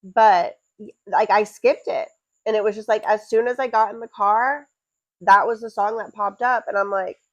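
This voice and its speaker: A young woman co-hosting a podcast, telling stories with animated energy and frequent swearing. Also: medium pitch, normal speed, no echo, highs cut off. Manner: animated storytelling, often swearing and laughing. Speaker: podcast co-host, fighter's wife. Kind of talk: casual chat.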